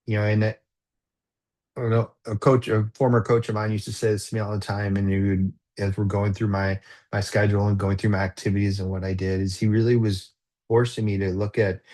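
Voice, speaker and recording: A man's voice: on the low side, darkish tone. A man coaching leaders in a live talk, earnest and reflective, posing repeated questions with casual fillers and restarts.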